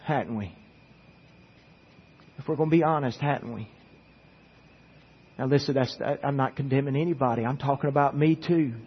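Husky-voiced male pastor preaching earnestly. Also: medium pitch, steady tone, fast talker, few pauses. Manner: earnest preaching with repeated words. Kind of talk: sermon. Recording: echoey church hall, dull lo-fi sound.

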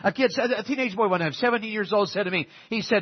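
High, husky preacher. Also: male voice, fast talker, dull audio. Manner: folksy storytelling, emphatic exhortation. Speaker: pastor. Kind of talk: sermon.

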